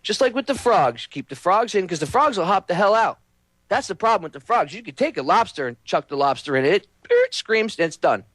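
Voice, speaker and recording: A high-voiced man delivers a heated political rant, hammering listeners with repeated rhetorical questions. His voice sounds close and dry, with no room around it. He speaks as the host of his own show. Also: big pitch swings, fairly quick, a bit bright, dry recording.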